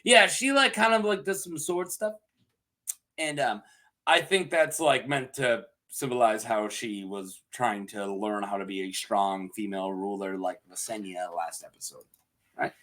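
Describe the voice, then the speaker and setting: Slightly slow and on the low side, this man's voice is bright and forceful. Working from a script, the TV reviewer casually recaps an episode, joking, laughing often and peppering it with ums and asides.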